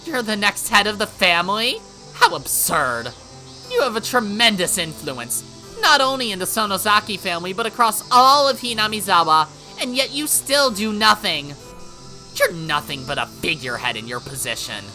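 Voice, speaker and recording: A woman voicing a sharp-tongued teenage girl who mocks and scolds her twin, reading a visual novel aloud with faint music behind. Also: medium pitch, very animated, normal speed, rough recording. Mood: contemptuous. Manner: cutting, mocking, bitter.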